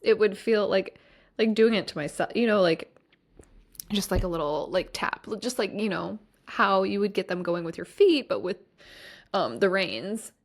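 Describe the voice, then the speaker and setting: A woman's voice: mid-range voice, expressive, moderate pace. A woman hosting a solo podcast, talking in a casual, rambling way with many fillers. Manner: chatty, rambling, heavy use of fillers like "like" and "um". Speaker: podcast host.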